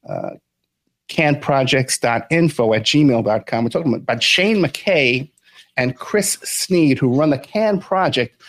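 A podcast host with a mid-range voice, recorded with no echo, plugs his show and chats with guests in a casual interview. His manner is folksy and easygoing, full of fillers.

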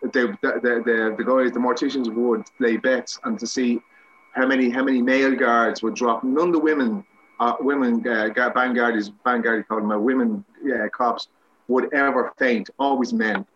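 A man's voice: mid-range voice, fairly even intonation, normal speed, a bit bright, husky, muffled recording. An Irish man, a guest actor, telling rambling, self-mocking anecdotes with many restarts in a casual interview.

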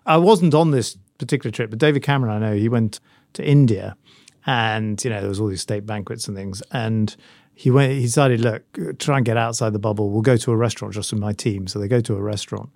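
A man's voice: fairly low pitch, brisk, creaky, a little mellow, no room sound, studio quality. A middle-aged man co-hosting a podcast, offering wry, musing commentary in casual chat. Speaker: podcast co-host.

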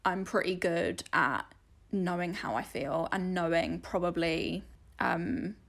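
A woman's voice: lowish voice, steady tone, takes it slowly, gravelly, a bit bright. A woman co-hosting a podcast, chatting candidly and swearing freely. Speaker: podcast co-host. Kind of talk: casual chat.

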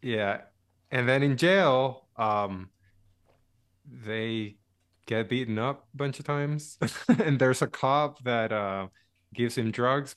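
A man's voice: mid-range voice, clean tone. Casting note: man, mid voice, rambling and hesitant plot recap, casual podcast. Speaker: podcast co-host. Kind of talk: casual movie review chat.

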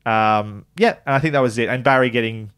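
A man's voice: medium pitch, brisk, clean tone. A man co-hosting a podcast, chatting casually with restarts and the odd swear word. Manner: relaxed, rambling with restarts and swearing. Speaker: podcast co-host. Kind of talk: casual chat.

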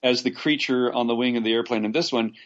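A man from Los Angeles, an actor, telling stories in a casual interview, rambling with restarts and animated asides. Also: medium pitch, quick pace, dull audio. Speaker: actor guest.

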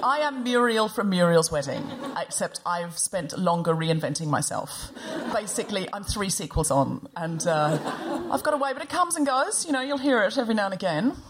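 Woman host with australian accent, animated and teasing, noisy live recording. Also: mid-range voice. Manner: quick, playful, self-mocking. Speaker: podcast host. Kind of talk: live comedy podcast banter. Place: live theatre stage.

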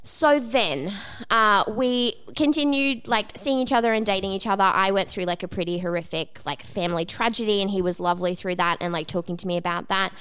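A woman co-hosting a podcast, telling a story in casual chat, animated and acting out the lines she quotes, with some swearing. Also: medium pitch, brisk, hardly any pauses, clear, resonant tone. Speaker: podcast co-host.

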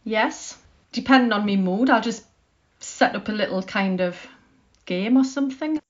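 A woman's voice: medium pitch, normal speed. Chatty woman writer, dull lo-fi sound. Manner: chatty, laughs often, self-deprecating. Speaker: short story writer as podcast guest. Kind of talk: conversational interview.

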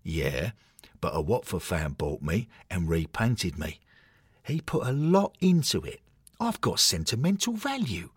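A cocky little male footballer statue, put on by a man, chummy and smug. His husky voice rises and falls freely in a dry, close recording. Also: deep voice, big pitch swings, a little slow, no room sound, heavily acted.

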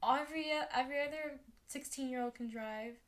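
A woman's voice: sits high, fairly quick, a bit bright. A teenage girl hosting a podcast, chatting casually with lots of fillers and giggles. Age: teens. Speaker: podcast host. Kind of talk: casual chat.

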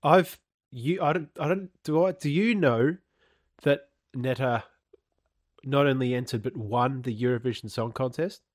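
A man co-hosting a music podcast with relaxed, teasing banter. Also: medium pitch, a little slow, no echo, clean studio sound. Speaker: podcast co-host. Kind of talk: casual music podcast chat.

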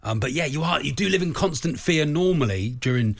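Bloke co-hosting sports radio, animated voice, repeats himself a lot. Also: male voice, a little high, a little fast, creaky. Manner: lively, repeats words as he thinks. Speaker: radio co-host.

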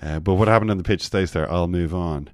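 A man's voice: low-pitched, fairly quick, no room sound, studio quality. An Irish man hosting a football podcast, telling stories in a casual, rambling way with restarts and mock quotes. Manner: storytelling, quotes players in mock voices, many restarts. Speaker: podcast host.

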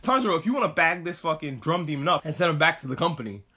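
Fast-talking excitable man, muffled audio. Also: fairly high pitch, slightly rough. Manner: excitable, profane, rambling. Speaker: podcast host reviewing anime. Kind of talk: casual chat.

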